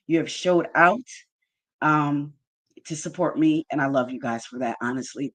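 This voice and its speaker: A woman hosting a casual livestream, thanking her chat viewers one by one in an effusive way. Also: deep voice. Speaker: livestream host.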